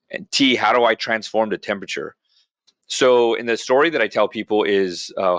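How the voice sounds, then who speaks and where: Blunt, animated man telling stories. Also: medium pitch, no room sound. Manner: blunt and animated, calls listeners bro. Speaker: veteran guest speaker. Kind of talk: motivational storytelling.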